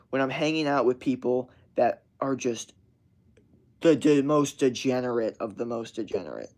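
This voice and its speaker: A young man in college ranting casually to camera, profane and rambling, mocking people in whiny put-on voices. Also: medium pitch. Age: young adult. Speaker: vlogger.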